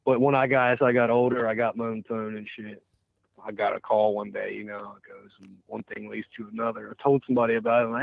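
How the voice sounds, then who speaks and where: A man's voice: medium pitch, steady tone, fast talker, gravelly, no echo. A young man being interviewed as a guest, chatting casually in a laid-back way and swearing freely. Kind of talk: casual chat. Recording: tinny phone-like line.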